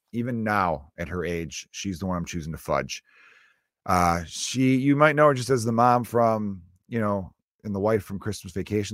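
A man hosting his own comedy podcast, rambling and joking through a solo monologue with animated asides. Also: fairly low pitch, no echo, clean studio sound.

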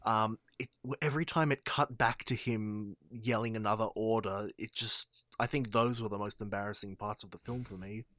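A man with a fairly low voice talks through his take on a film in a loose, thoughtful way, trailing off at times. The sound is dry and close. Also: fairly even intonation, normal speed, few pauses, fairly bright tone, no echo. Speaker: podcast co-host. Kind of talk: casual film review chat.

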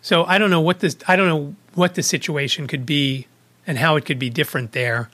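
Bright-voiced man telling a casual story. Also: on the high side, fairly quick. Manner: conversational, rambling anecdotes with small restarts. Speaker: podcast host.

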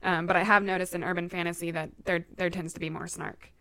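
A woman's voice: lowish voice, flat delivery, fast, fairly bright tone. A young adult woman in casual chat as a podcast co-host, explaining writing tips with lots of "um"s.

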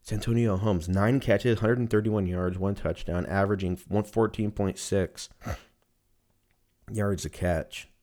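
In a casual monologue, a young man with a lowish, dark-toned voice meanders from point to point and swears freely. His intonation stays fairly even, and he speaks a little slowly.

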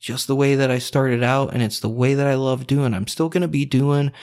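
A man's voice: medium pitch, fairly even intonation, brisk, a little mellow. A man hosting a podcast, talking bluntly in a heated, profane, unscripted rant. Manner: heated, blunt and swearing constantly. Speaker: podcast host.

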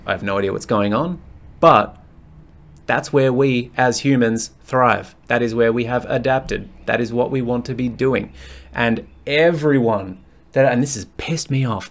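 A man hosting a fitness podcast alone, talking bluntly and frankly, swearing freely and rambling as he thinks aloud. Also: medium pitch. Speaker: fitness coach and podcast host. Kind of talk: candid solo podcast monologue.

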